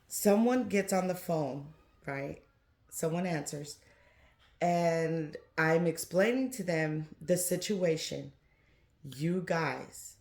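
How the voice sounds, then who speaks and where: A chatty woman with a Southern US accent talks casually to her viewers in a slightly low voice. She keeps saying "you guys" as she tells her story. The room sounds echoey around her. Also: darkish tone. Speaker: reborn doll collector vlogger. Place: home doll nursery.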